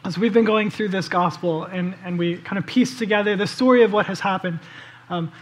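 This sermon feels like a conversation: the preacher tells a scripture story vividly, urging listeners to see the scene in their minds, with plenty of casual "like" and "um." The mid-range voice runs a little fast.

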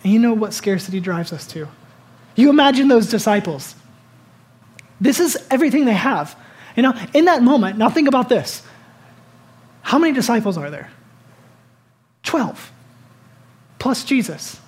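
A pastor preaching a sermon in an animated, conversational way, putting questions to the congregation. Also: medium pitch, normal speed, pauses often.

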